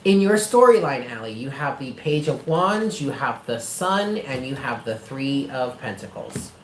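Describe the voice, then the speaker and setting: A man's voice: mid-range voice, lively intonation, measured pace, roomy sound, a little hiss or hum, low-quality recording. A man giving a live tarot reading, talking in an emphatic, blunt and affectionate way and swearing often. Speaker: tarot reader.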